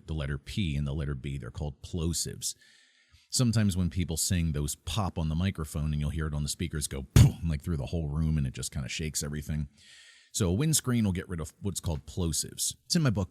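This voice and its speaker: A man's voice: rumbling low, darkish tone, no echo. A man coaching speakers on microphone technique in a casual, step-by-step demonstration from a home studio. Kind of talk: instructional video demo. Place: home studio with mixing board. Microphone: switching between handheld microphones.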